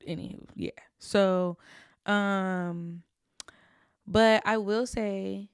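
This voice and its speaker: A woman's voice: mid-range voice, fairly even intonation, drawn-out words, smooth, no echo, clean studio sound. A young adult woman hosting a podcast, telling stories about her own past in a candid, confessional way with casual slang. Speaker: podcast host.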